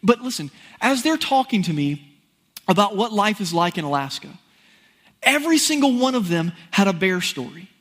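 Male preacher, high voice, folksy animated storytelling. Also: normal speed. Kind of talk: sermon with personal story.

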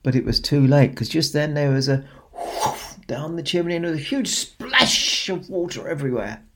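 A man telling a children's story in a gentle, expressive way, with dramatic pauses. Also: a little high. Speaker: storyteller in a Santa persona.

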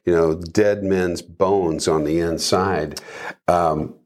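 Man, very low voice, faith discussion, emphatic rhetorical questions. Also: fairly even intonation, takes it slowly, a little mellow. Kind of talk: conversational faith talk.

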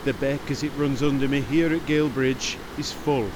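A man hosting a podcast in measured, explanatory scripted narration. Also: mid-range voice, steady tone, noisy background. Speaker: podcast host. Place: large circular museum room. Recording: reverberant space.

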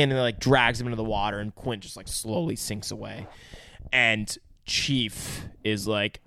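A man's voice: mid-range voice, moderate pace, vocal fry. A man co-hosting a podcast, casually recapping a movie with lots of swearing and goofy voices for the characters. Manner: profane, animated retelling with silly character voices. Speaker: podcast co-host.

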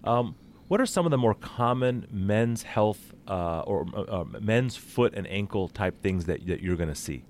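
A man with a low voice hosts a health talk show. He asks questions haltingly and chats along. A faint ambient hiss sits under him. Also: lively intonation, darkish tone. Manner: halting, many fillers and restarts while asking. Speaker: show host. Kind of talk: casual interview talk.

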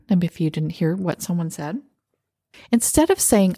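Low-voiced woman podcast host, dry close sound. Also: unhurried, no echo. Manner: calm coaching tone, acting out example phrases. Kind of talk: podcast advice monologue.

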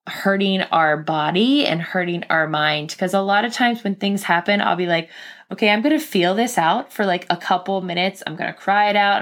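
A young woman, pregnant, talking casually and earnestly as a podcast host, with lots of filler words. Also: medium pitch. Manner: chatty, earnest, many fillers. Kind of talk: casual personal talk.

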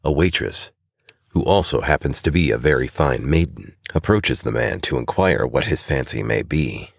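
Male storyteller with a very deep voice, even and deliberate narration, dry close recording. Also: gravelly, slightly rough, no echo. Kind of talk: scripted narration.

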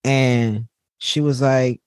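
Podcast host, man, mid-pitched voice, heartfelt storytelling, dry close mic. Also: steady tone, extremely slow, smooth, no room sound. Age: adult parent. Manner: candid and heartfelt, repeats words for emphasis. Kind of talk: personal storytelling monologue.

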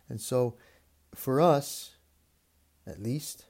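A man preaching a reflective sermon, speaking in a measured way with repeated phrases and long pauses. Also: on the low side, dark tone.

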